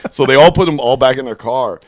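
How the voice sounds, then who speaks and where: A man's voice: mid-range voice, a little fast, no room sound, clean studio sound. A man from the Philadelphia suburbs telling a rambling, crude story on a casual podcast, laughing as he goes. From Delaware County, Pennsylvania. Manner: rambling, crude, laughs through his stories. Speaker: podcast co-host.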